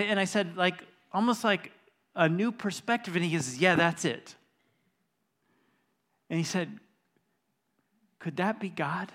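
Earnest pastor man, slightly high voice. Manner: retells a conversation, voice dropping to a hush then rising intense. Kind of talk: sermon storytelling. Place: church.

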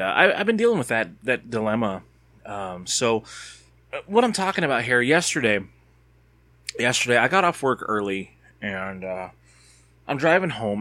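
A man with a bright, forceful voice tells a personal story off the cuff. He rambles and hesitates, restarting sentences and filling gaps with fillers as he goes. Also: on the low side. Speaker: father recounting a personal experience.

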